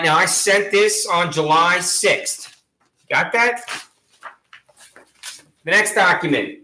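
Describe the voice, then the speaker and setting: A man's voice: high voice, pushed and bright. Sarcastic, combative man, echoey room. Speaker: citizen reading his complaints to a sheriff. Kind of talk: angry direct-address monologue.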